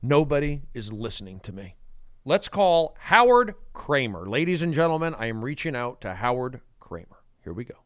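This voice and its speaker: A man hosting a rambling solo livestream on his phone, swinging from shouts to mumbles. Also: medium pitch, animated, fairly quick, few pauses, no room sound, studio quality. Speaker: livestream host.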